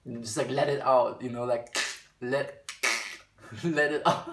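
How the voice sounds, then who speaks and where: A tarot reader with a mid-range, fairly bright voice speaks slowly and with fairly even intonation in an echoey room. He chats casually through a spiritual card reading, sometimes reading the card text aloud and at times slipping into a British accent.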